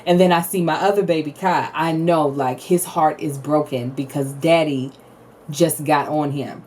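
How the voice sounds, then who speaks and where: A woman in her thirties co-hosting a podcast, telling animated family stories, acting out quotes and laughing often. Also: low voice, moderate pace, recorded from a distance, a little hiss or hum. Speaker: podcast co-host. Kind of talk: casual chat.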